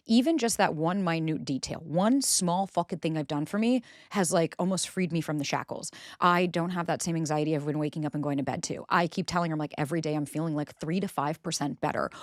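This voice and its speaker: A woman's voice: deep voice, no echo, studio quality. A woman in her thirties hosting her own podcast, talking candidly and casually to listeners, swearing freely and acting out her own inner voice. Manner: candid, swears freely, animated self-talk. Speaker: podcast host. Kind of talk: casual solo podcast monologue.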